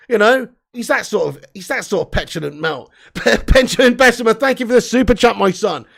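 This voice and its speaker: A man's voice: high-pitched, fairly quick, creaky, hardly any pauses. A young man hosting a live fan stream, reading chat comments and ranting bluntly with plenty of swearing. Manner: blunt, sweary, excitable banter. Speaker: livestream host.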